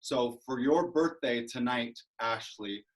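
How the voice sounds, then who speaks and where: A man performing a stand-up set over a video call, with a deadpan, mock-grandiose delivery. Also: medium pitch, takes it slowly, poor audio. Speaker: comedian.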